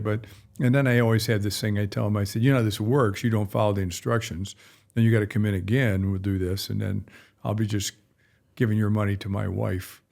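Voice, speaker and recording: A man's voice: on the low side, steady tone, brisk, vocal fry, a little mellow. A middle-aged male veterinarian chatting on a podcast, rambling and folksy with blunt asides. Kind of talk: casual podcast chat.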